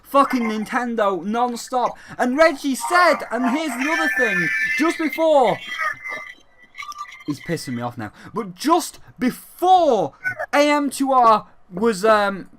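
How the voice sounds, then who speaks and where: A gaming YouTuber giving an excited, rambling recap of a games event, swearing freely. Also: mid-range voice, takes it slowly, background noise. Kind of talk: excited event recap while live on a call.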